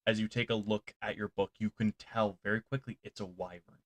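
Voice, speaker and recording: A man's voice: fairly low pitch, fairly even intonation, fairly quick, a bit bright. A man running a tabletop game as game master, narrating loosely with fillers and frequent laughter.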